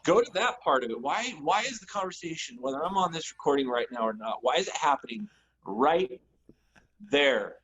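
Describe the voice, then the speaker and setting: A man with a slightly high voice co-hosts a casual podcast from home. He tells animated stories with growing exasperation. The sound is dull and lo-fi, with faint lawn work heard outside. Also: moderate pace, a little hiss or hum. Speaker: podcast co-host. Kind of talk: casual chat. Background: lawn mowing and sprinkler work.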